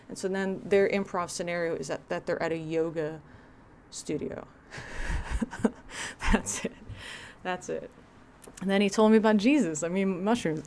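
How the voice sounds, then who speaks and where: Brief: a woman streamer, slightly low voice, wry and sarcastic commentary, a faint hiss behind her. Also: moderate pace, a little mellow. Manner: sarcastic, wry, laughing asides. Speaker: livestream host. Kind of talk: livestream reaction commentary.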